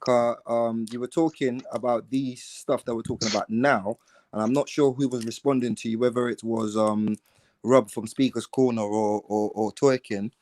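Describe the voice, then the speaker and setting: A man's voice: mid-range voice, fairly even intonation, normal speed, a little mellow, no echo. A man, rambling through a panel discussion in casual slang and stacking up fillers as he goes. The recording is dry and close.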